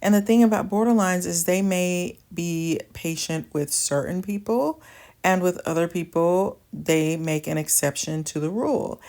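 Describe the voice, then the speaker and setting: Slow, low-pitched woman giving advice. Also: darkish tone, clear, resonant tone. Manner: earnest, plainspoken, coaching directly. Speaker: channel host giving advice. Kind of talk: direct-to-camera advice talk.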